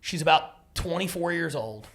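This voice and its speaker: A man, a comedian on a podcast as a guest, telling a story in a casual, animated way and laughing as he goes. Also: on the high side, normal speed, creaky.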